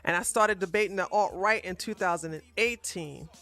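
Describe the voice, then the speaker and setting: A woman's voice: lowish voice, normal speed, fairly bright tone, soft background music. A woman hosting a live stream, ranting in a combative, profane way with frequent restarts.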